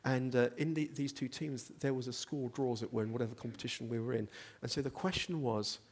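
A man's voice: mid-range voice, fairly even intonation, brisk, slightly rough. A man preaching a sermon, earnest, building to emphatic rhetorical questions.

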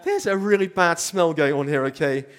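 A man's voice: on the high side, normal speed. A man preaching a sermon, telling a story with animation and asking the congregation questions. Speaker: pastor.

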